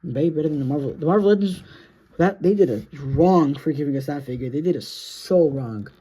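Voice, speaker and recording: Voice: medium pitch, brisk, mellow, breathy edge. A sleepy, yawning action figure reviewer talking through a casual toy review in a rambling, self-correcting, apologetic way.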